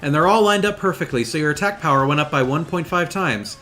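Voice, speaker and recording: A man's voice: animated, fast, bright, forceful tone. A man voicing an eager young paper girl guide. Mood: coaching. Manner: eager and coaching, pitched up. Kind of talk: reading game dialogue aloud.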